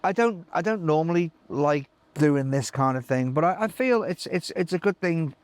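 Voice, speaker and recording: A middle-aged man with a slightly high voice tells road stories in a relaxed interview. He acts out the other people's lines as he goes and stumbles through restarts. The sound is dry and close. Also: moderate pace, smooth, dry recording. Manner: animated storyteller acting out voices, many restarts. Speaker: live sound engineer guest. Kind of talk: anecdotal interview chat.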